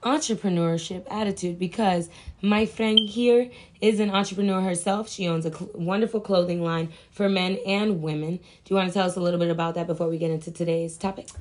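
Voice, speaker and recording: A woman's voice: on the low side, fairly even intonation, fairly quick, slight background noise. A woman hosting a casual podcast, brash and hyped, cursing freely as she talks. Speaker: podcast host.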